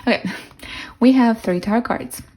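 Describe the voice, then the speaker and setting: A woman's voice: fairly high pitch, moderate pace, dark tone. A young woman with a non-native English accent giving a casual pick-a-card tarot reading, musing aloud with fillers and restarts. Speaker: tarot reader.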